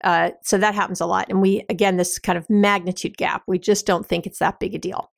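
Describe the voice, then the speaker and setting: A woman's voice: medium pitch, flat delivery, fairly quick, creaky, dry recording, clean studio sound. A woman hosting an advice podcast, explaining in a casual, conversational way with everyday examples and frequent fillers. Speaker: podcast host.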